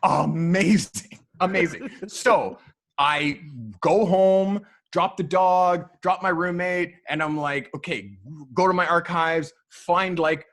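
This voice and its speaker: Animated storytelling man, slightly high. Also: takes it slowly. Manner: animated, swears freely, acts out quotes. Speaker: photographer guest. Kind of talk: casual storytelling. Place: podcast studio.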